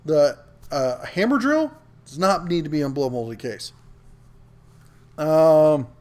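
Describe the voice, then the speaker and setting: A middle-aged man hosts a casual livestream, his voice sitting a little high for a man. He chats loosely, stopping to read viewer comments aloud, often filling gaps with ums and restarts. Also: expressive, slow, a little mellow. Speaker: host of a live tool show reading chat.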